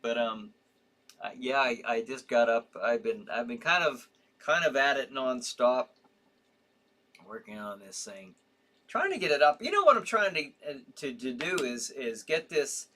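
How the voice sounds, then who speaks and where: Tired male livestream host, rambling and halting, lively bright voice. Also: mid-range voice. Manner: rambling, halting, with frequent restarts and yawns. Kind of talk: casual live-stream chat reading viewer comments.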